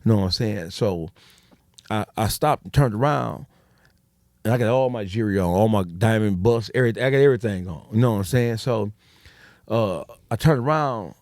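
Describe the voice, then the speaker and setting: Man, guest on a podcast, talks quick and swears a lot, dry close sound. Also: fairly low pitch, darkish tone, no room sound. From Detroit, USA. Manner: profane, street slang, acts out quoted dialogue. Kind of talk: casual storytelling.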